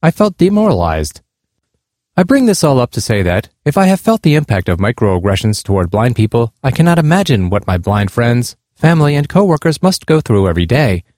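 A man earnestly reading aloud a personal essay about his blind parents' experiences, in a measured tone. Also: mid-range voice, very animated, a little mellow, no echo, studio quality. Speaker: speaker on disability awareness.

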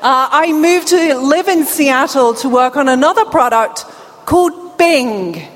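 A woman's voice: high-pitched, unhurried. A woman with a British accent and a deaf accent gives a conference keynote in a large hall, rousing the crowd and talking to the audience directly. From England. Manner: lively, crowd-rousing, warm asides to the audience. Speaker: keynote speaker. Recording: long hall reverb, faint room noise.

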